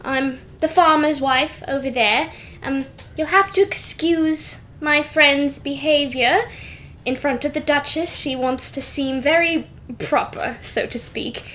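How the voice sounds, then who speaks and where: Woman doing a sociable farmer's wife NPC, slightly raised pitch, fussy. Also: slow pace, fairly bright tone. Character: chatty farmer's wife, a middle-aged woman.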